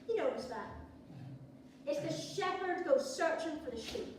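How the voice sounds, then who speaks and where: Woman preacher, high voice, chatty sermon with jokes; distant mic, very echoey church. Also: lively intonation, a little slow, a little hiss or hum. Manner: conversational with playful asides. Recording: echoey church hall from far off.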